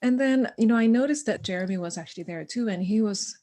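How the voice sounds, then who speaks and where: A woman guest on a podcast, an educator, telling stories in conversation in an animated way, acting out dialogue and laughing often. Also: medium pitch, fast talker. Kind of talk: conversational storytelling.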